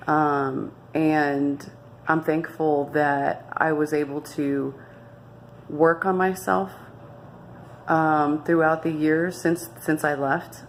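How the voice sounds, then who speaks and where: Low-voiced woman telling her story earnestly. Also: a little hiss or hum. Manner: earnest and emphatic, with frequent restarts. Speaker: vlogger sharing her life story. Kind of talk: candid personal testimony.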